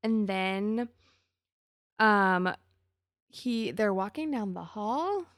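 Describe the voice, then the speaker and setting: A woman's voice: mid-range voice, expressive, very slow, a bit bright, no room sound, clean studio sound. A woman hosting a podcast, chatting and gossiping as she recaps a TV episode. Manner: chatty, gossipy, acts out characters' lines. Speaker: podcast host. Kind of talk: casual chat recapping a TV episode.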